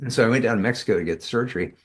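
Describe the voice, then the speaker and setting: A man's voice: mid-range voice, fast, breathy edge. A man, a tai chi teacher, telling rambling stories as a guest in a casual interview, with many fillers and restarts.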